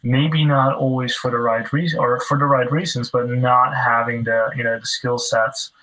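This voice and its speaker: A man with a bright, forward voice, talking through his points loosely in a podcast chat. He leans on fillers like "you know" and "like" and restarts his sentences often. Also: mid-range voice, fairly even intonation, normal speed, poor audio. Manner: loose, filler-heavy explaining. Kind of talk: casual podcast discussion.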